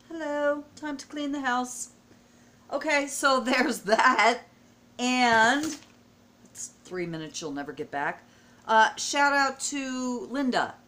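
A woman's voice: medium pitch, pushed and bright. A middle-aged woman vlogging at home, opening a package with gushing, emotional exclamations. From United States. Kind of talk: casual vlog unboxing. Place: at home indoors.

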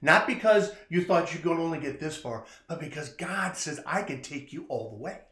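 High-voiced pastor in an echoey room. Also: male voice, moderate pace. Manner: animated storyteller, acts out quoted lines louder. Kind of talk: informal sermon, retelling a movie scene.

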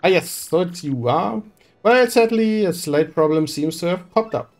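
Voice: medium pitch, animated, normal speed, a little mellow, close to an everyday voice. A streamer reading game dialogue aloud and voicing a pompous, flamboyant rich merchant with grand, theatrical delivery. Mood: grandiose.

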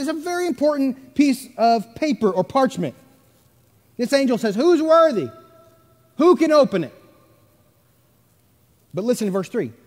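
A man preaching a sermon as pastor, emphatic, swinging between loud stresses and hushed asides. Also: very high voice. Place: church sanctuary. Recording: long church reverb.

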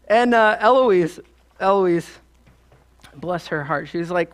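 This man's high-sitting voice is unhurried and a bit bright, carrying a Midwestern American accent. He's a pastor preaching in a chatty, storytelling style full of asides.

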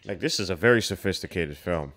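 A young man hosting a casual film reaction, excitable and slangy, calling out at the screen. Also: low voice, a little fast, background noise.

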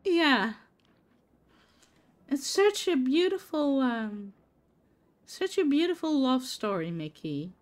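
A woman streamer talks to her chat while she plays, unhurried and easygoing. Her voice is a little high and swings up and down a lot. She laughs often and greets viewers by name. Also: very animated. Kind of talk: casual live-stream chat while gaming.

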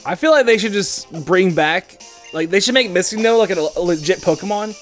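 High-voiced young man, laid-back gamer. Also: fairly quick, a bit bright, faint music behind. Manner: laid-back, hesitant, laughing banter. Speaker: gaming co-host. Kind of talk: casual Let's Play commentary.

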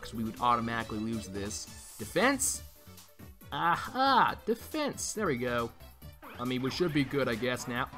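A man's voice: medium pitch, pushed and bright. A man playing a video game for the first time and commenting, crude and joking, swearing and taunting enemies. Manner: crude, joking, trash-talking, swears a lot; mock-taunts enemies in bursts. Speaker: let's play gamer. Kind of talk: blind playthrough commentary. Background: faint game music.

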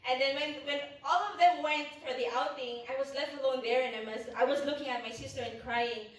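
A woman's voice: high voice, fairly even intonation, brisk. A Filipino-accented woman giving an earnest, confessional personal testimony at a youth retreat, searching for words as she speaks. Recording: echoey hall, mic far off.

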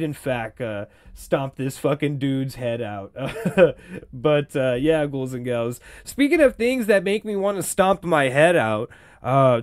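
A man's voice: medium pitch, dry recording, studio quality. A young man hosting a podcast, riffing on entertainment news in a profane, rambling way with laughing asides. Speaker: podcast host. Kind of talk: casual entertainment-news commentary.

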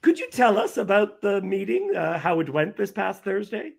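A man co-anchoring a mock news show, reading absurd headlines deadpan. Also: high-pitched, normal speed, gravelly. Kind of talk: scripted comedy news reading.

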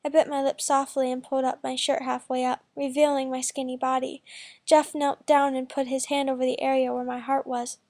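A woman reading a first-person fan fiction story aloud in a plain, quick way. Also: high voice, flat delivery, darkish tone. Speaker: story reader.

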